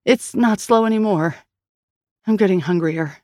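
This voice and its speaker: A woman narrator voicing a brisk, wry female investigator with a slightly raised voice. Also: mid-range voice, a little mellow, no echo, studio quality, natural voice.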